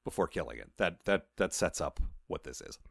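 A man's voice: extremely low pitch, lively intonation, brisk, gravelly, fairly bright tone, no room sound, studio quality. A man co-hosting a casual podcast, chatty and enthusiastic as he discusses a novel. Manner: chatty, enthusiastic, trails off and restarts. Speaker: podcast co-host.

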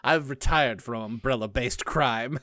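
A man's voice: medium pitch, measured pace, pushed and bright, no echo, clean studio sound. A man co-hosting a podcast in casual chat, tossing off playful one-liners. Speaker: podcast co-host.

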